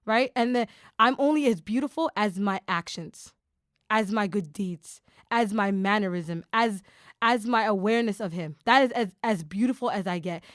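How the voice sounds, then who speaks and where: Studio-quality audio with no room sound captures a woman hosting a casual podcast chat at normal speed. Her medium-pitched voice comes in lively, enthusiastic bursts, heavy with fillers.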